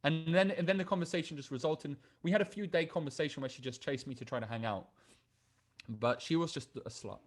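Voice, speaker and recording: A man's voice: on the high side, fast talker. A man teaching a dating masterclass, talking bluntly and crudely, often restarting his sentences. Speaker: dating coach. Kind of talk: online masterclass talk.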